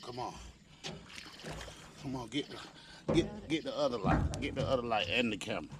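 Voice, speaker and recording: A man filming himself fishing, shouting excitedly and repeating short phrases as he lands a fish. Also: medium pitch, moderate pace, far from the mic. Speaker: angler filming his catch. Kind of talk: excited outdoor fishing commentary. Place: outdoors on the water while fishing. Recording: noisy outdoor audio, mic away from the speaker.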